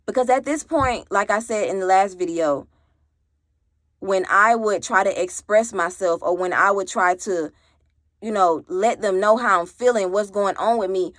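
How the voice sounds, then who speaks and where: A woman's voice: mid-range voice, moderate pace, no echo. Woman, young adult, casual storytime, blunt, swearing, mimics quoted people, dry room. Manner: animated, mimics others in quoted voices.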